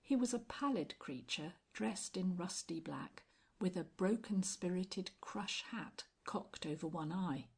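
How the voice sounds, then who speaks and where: A woman reading a classic novel aloud as an audiobook narrator, calm and measured. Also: fairly low pitch, vocal fry, breathy edge.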